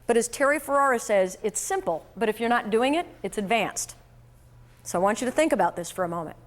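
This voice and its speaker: A woman giving a motivational sales talk to an audience, telling a lively personal story in a conversational way. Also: high voice. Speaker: sales trainer.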